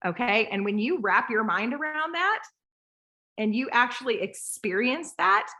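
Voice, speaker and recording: A woman in her thirties coaching a group call, lively and rambling, acting out voices as she talks. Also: fairly high pitch, unhurried.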